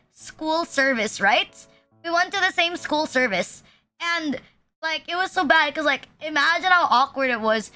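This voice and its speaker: A woman's voice: high-pitched, bright, forceful tone. A young woman, rambling through a story in a casual chat stream and heaping fillers and self-deprecating asides as she goes. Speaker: VTuber streamer.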